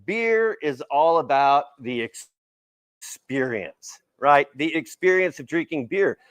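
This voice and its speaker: A man giving a casual, animated storytelling keynote to a live audience at an event hall. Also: fairly high pitch, slow pace. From El Paso, Texas. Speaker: keynote speaker. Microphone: handheld mic, partly without it.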